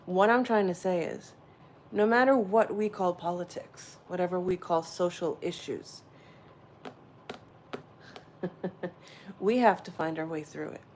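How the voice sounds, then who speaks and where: A woman's voice: fairly low pitch, slow, pauses often, a little mellow. Woman, livestream host, rambling casual chat, talks straight to viewers, faint background noise. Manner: chatty, rambling, answers viewers' chat directly.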